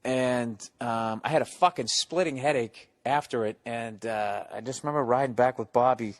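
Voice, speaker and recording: Profane, animated comedian telling stories. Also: male voice, mid-range voice, normal speed, no echo. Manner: profane, animated storyteller who acts out quotes. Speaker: stand-up comedian guest. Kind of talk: casual storytelling on a talk show.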